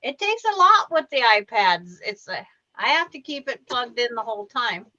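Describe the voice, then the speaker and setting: A woman's voice: on the high side, very animated, normal speed, bright, forceful tone. A woman in a quilting group video call, matter-of-fact, relaying messages from others. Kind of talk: casual video call chat. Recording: dull lo-fi video call audio.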